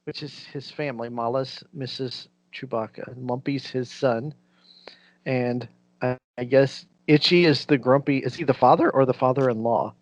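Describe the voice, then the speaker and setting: A man's voice: mid-range voice, normal speed, no echo, highs cut off. A man hosting a casual podcast, rambling through recaps with frequent laughs. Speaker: podcast host.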